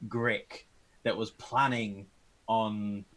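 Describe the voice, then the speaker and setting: Male player, very slow halting talk, mid-pitched, faint background noise. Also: flat delivery, fairly bright tone, low-quality recording. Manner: slow, halting, searching for words. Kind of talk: casual tabletop game chat.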